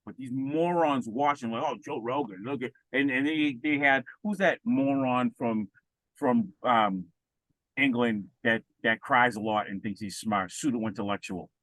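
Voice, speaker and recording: A man co-hosts a casual podcast and rants about what he dislikes, stumbling over his words as he goes. His voice sits at a middle pitch. It is recorded close and dry. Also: unhurried, fairly bright tone, no echo, poor audio. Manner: opinionated, ranting, with frequent restarts. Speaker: podcast co-host. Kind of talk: casual chat.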